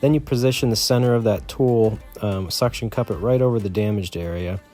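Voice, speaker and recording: A man casually talking through a do-it-yourself car repair, relaxed and self-deprecating, with plenty of fillers. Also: lowish voice, brisk, faint music behind. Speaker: DIY vlogger. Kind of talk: casual how-to narration.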